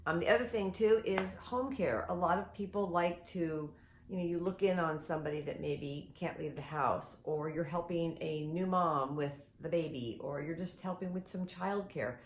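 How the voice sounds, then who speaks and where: A woman's voice: lowish voice, normal speed. An older woman co-hosting a casual chat show, talking in a chatty, self-deprecating way. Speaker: co-host. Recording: echoey room, faint noise.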